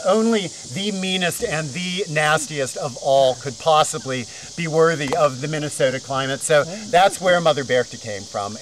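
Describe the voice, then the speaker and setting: A man's voice: a little high, a little hiss or hum, rough recording. A man telling a folk story live at an outdoor festival, chatty and playful with wry asides. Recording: outdoor recording with crickets.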